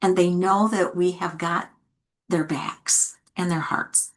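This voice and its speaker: A woman's voice: on the low side, steady tone, takes it slowly. A middle-aged woman giving a talk to early childhood educators, earnestly acting out what adults and children say. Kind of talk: teaching talk with acted examples.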